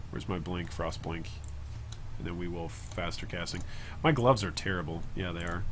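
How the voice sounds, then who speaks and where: Fairly low in pitch, a man's voice carries a live gaming stream where he talks through his thoughts in loose, rambling self-talk. He chats with viewers between moves, and a little hiss or hum sits under the recording.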